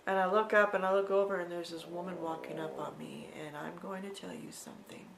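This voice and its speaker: A woman's voice: lowish voice, fairly even intonation, a little fast, creaky, noisy background. A woman vlogger telling a personal story in a conversational, repetitive way, with frequent asides to the viewer.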